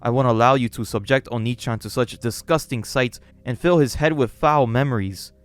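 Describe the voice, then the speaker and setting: A man's voice: medium pitch, normal speed, faint music behind, lightly acted. A man voicing an obsessive gothic lolita woman who scolds sweetly and menacingly. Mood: doting menace.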